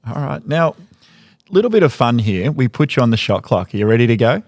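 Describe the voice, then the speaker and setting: A man's voice: mid-range voice, big pitch swings, brisk, a little mellow, dry recording, studio quality. A man hosting a podcast, asking questions in a joking, easygoing way. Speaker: podcast host. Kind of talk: casual interview chat.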